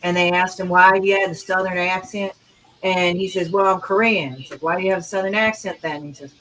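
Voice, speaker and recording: A woman from Chicago with a flat Midwestern accent, telling rambling stories with lots of swearing on a casual talk stream. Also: lowish voice, fairly quick. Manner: swears a lot, rambling storyteller. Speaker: co-host. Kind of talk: casual chat. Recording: noisy background.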